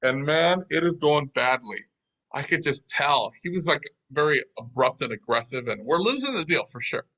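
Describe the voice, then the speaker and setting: A man telling a business story as an interview guest, in a lively, anecdotal way. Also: fairly high pitch, moderate pace, low-quality recording.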